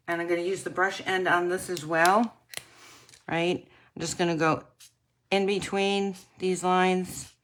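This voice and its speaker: A woman casually demonstrating card-making techniques, chatting to viewers and often clearing her throat. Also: fairly low pitch, a bit bright, slight background noise. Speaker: craft demonstrator.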